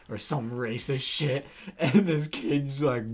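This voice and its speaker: A man's voice: mid-range voice, slow pace, slightly rough. A young man co-hosting a casual podcast, telling stories animatedly with plenty of swearing and laughter. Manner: swears a lot, laughs often, animated storytelling. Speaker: podcast co-host. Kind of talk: casual chat.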